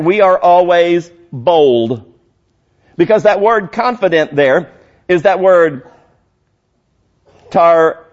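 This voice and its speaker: A male pastor preaching a sermon emphatically, rising to loud high peaks and dropping to low quiet lines. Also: muffled recording.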